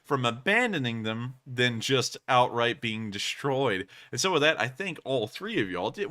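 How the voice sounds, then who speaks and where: A man's voice: mid-range voice, very animated, a little slow, hardly any pauses, sharp tone. A man hosting a casual news livestream who says he is exhausted and yawning, talking in a drawling, apologetic way between answers. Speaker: livestream host.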